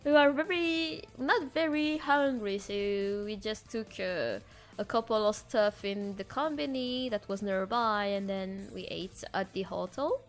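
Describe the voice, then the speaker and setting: A woman with a French accent, a streamer telling stories in casual chat with hesitant fillers and animated delivery. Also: medium pitch, unhurried, faint music behind. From France. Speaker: VTuber streamer.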